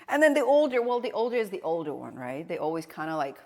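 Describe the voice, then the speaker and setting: A woman's voice: on the low side, a little fast. Casting note: young woman streamer, blunt and foul-mouthed, casual storytelling, reverberant room. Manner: blunt, swears freely, storytelling. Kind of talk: casual chat with viewers.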